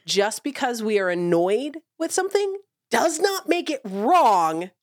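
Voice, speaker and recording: A woman co-hosting a podcast in casual chat, talking in quick, emphatic bursts when she explains things. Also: a little high, big pitch swings, no room sound, studio quality. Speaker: podcast co-host.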